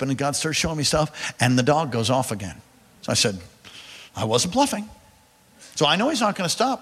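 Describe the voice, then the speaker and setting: A pastor with a fairly high voice preaches animatedly in a large hall or church, the sound filling the big room. He tells a personal story and speaks straight to his congregation.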